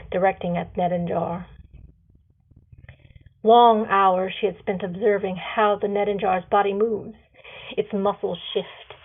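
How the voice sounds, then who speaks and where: A woman author reading her own fantasy story aloud, slow and deliberate with the odd slip, on a phone recording. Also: medium pitch, husky, phone-quality sound.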